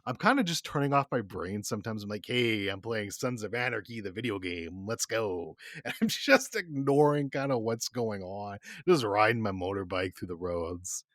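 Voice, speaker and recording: A man's voice: on the low side, animated, moderate pace, few pauses, a bit bright, dry recording, clean studio sound. A man co-hosting a casual podcast, rambling and swearing often, with frequent laughs. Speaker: podcast co-host. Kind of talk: casual chat.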